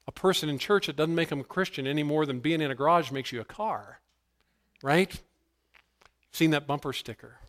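Male pastor, sermon delivery, slightly high voice, emphatic build-ups. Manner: emphatic preaching, swings between hushed asides and raised, higher-pitched declarations.

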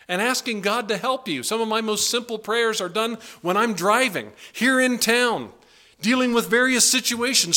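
A man's voice: high-pitched, sharp tone. A pastor preaching a sermon to his congregation in a church, in an earnest, pleading manner with emphatic swings. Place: church sanctuary.

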